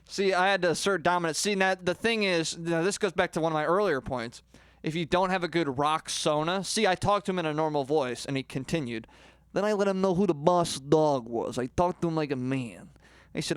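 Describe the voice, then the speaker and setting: A man's voice: on the high side, lively intonation, normal speed, clean tone, no echo, studio quality. A man posing as a rock star singing teacher, rambling in a boastful, crude way through a comedic lesson.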